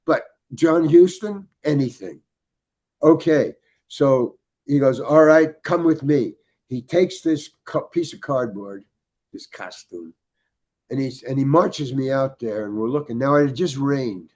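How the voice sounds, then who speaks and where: An older man telling a story on a podcast, his speech full of stops and restarts. He slips into the voices of the people in his tale. His pitch sits in a middling range for a man. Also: lively intonation, dark tone. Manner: halting, many restarts, acts out quoted dialogue. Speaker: guest storyteller. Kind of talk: casual anecdote telling.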